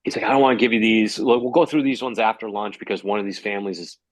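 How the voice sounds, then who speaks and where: A man who hosts game shows, a guest telling a story with lively energy. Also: lowish voice, fast talker, no echo. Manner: lively, acts out quotes in raised voice. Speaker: game show host, guest. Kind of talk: animated storytelling.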